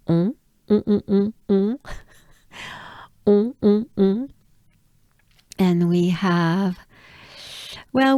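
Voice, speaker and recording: A woman from France with a French accent, patiently teaching pronunciation and repeating each sound slowly. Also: mid-range voice, warm tone, no room sound, studio quality. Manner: patient, drills words by repeating them. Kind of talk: slow pronunciation lesson.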